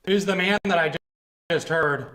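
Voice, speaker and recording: A man investigating a dark, cold old building alone, talking in a hushed, jumpy way and calling out to unseen spirits. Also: a little high, normal speed. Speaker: paranormal investigator. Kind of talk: ghost-hunting narration and calling out to spirits.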